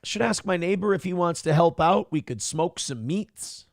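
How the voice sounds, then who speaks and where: A man's voice: high voice, animated, normal speed, creaky, no echo, studio quality. A man from Minnesota hosting a morning show, reading live chat aloud and riffing on it with crude, irreverent commentary. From Minnesota, USA.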